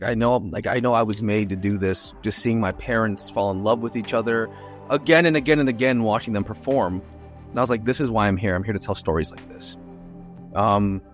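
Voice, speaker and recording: A man guesting on a podcast who cracks a joke and then turns earnest as he tells his story. His voice sits in a middle pitch range. Faint music plays under his talk. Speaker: voice actor guest. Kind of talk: casual podcast chat.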